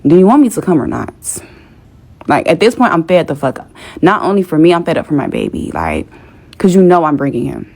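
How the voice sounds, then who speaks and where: A woman's voice: sits low, big pitch swings, a little fast, gravelly, a little mellow. A young woman telling a story in a casual, exasperated rant with plenty of swearing. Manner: profane, exasperated.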